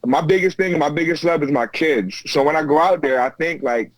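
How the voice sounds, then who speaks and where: American man, guest on a talk show, video call, fairly high voice, dry sound, lively storyteller. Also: brisk, dry recording. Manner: animated, acts out quotes, frequent restarts. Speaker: guest, UFC fighter. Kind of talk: casual storytelling chat. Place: remote video call from home.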